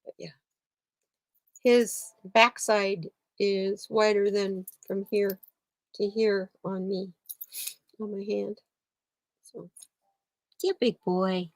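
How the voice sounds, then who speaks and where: A woman's voice: mid-range voice, flat delivery, takes it slowly, long pauses, no echo. A woman hosting a casual chat stream from her home, rambling and laughing often. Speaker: channel host. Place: home room with a heater.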